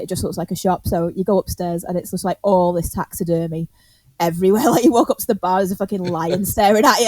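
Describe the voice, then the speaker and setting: A woman's voice: mid-range voice, darkish tone, dry recording. A woman tells a story on a podcast in casual chat. She laughs often, swears freely and acts out the quotes. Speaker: podcast co-host.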